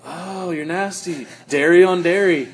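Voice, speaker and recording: A man's voice: sits high, a little slow, husky, rough recording. A man from Texas co-hosting a comedy podcast. He teases and needles his partner with crude, goofy jokes. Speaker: podcast co-host. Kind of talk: improvised comedy podcast banter.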